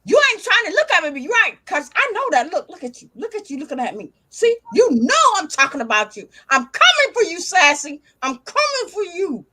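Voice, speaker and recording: Brief: older woman host, very high and lively voice, brash playful teasing on a video call. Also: a little fast, few pauses. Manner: loud playful teasing, swearing, repeats a pet's name. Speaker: live stream host. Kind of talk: casual live stream chat.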